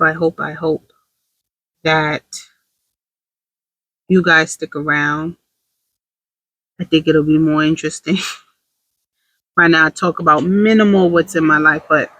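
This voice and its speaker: A woman's voice: low voice, sharp tone, dry recording, low-quality recording. A woman talking candidly to camera in a casual confessional vlog, rambling with self-deprecating humor. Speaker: vlogger.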